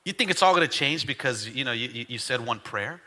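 A man acting out a sneering male tempter who mocks the faithful with rapid-fire taunting questions. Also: medium pitch, lively intonation, bright, forceful tone, pitched below the performer's own voice. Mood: mocking.

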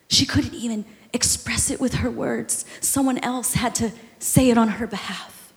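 A woman pastor delivers an impassioned sermon, dropping to a hush and then rising to shouts. Her voice sits high. The church sanctuary adds a long, ringing reverb. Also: moderate pace. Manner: impassioned, swings from hushed to shouting.

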